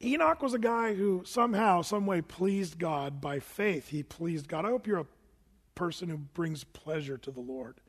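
A man's voice: high-pitched, expressive, normal speed, breathy edge, big-room sound. A man preaching a sermon as pastor in a conversational, folksy way, firing questions at the congregation. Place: church sanctuary.

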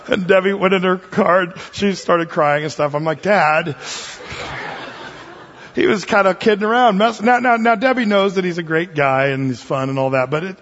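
A male pastor preaching a sermon in a relaxed, storytelling way, with frequent fillers and restarts. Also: high-pitched, moderate pace, hardly any pauses. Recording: dull sound in a long-reverb hall.

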